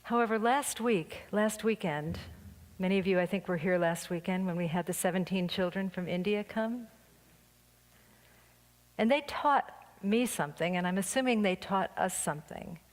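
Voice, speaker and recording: A woman minister delivers a relaxed, story-filled sermon, breaking into light laughter as she goes. Her mid-pitched voice carries through a church sanctuary with a long reverb tail. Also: normal speed. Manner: chatty, anecdotal, with frequent light laughter. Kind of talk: conversational sermon.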